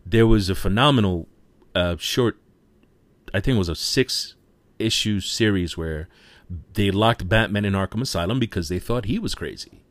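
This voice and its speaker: A man's voice: lowish voice, moderate pace, dry recording. A man giving a casual, enthusiastic spoken movie review, retelling scenes and peppering his talk with "you know". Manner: frequent fillers like "you know". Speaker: film reviewer.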